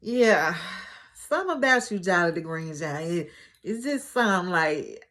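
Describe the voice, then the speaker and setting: A woman vlogger recapping a TV episode in casual chat, chatty and animated with joking asides. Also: on the low side, normal speed.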